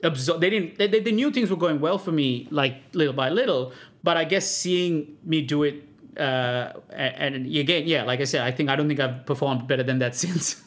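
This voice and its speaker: Chatty self-mocking man, slightly high voice. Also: normal speed. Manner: rambling, self-deprecating, laughs often. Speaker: comedian guest on a podcast. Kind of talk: casual chat.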